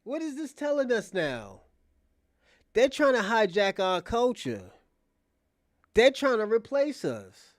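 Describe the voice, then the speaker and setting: A man's voice: extremely high pitch, slow, long pauses, no echo, studio quality. A man hosting casual commentary, talking bluntly with profanity. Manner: blunt, profane, animated storytelling. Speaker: host.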